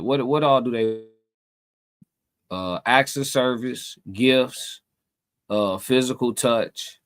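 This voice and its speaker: A man hosting a live stream, talking casually to his chat in a loose, meandering way, repeating himself and searching for words. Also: on the low side. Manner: loose and meandering, many fillers and repeated phrases.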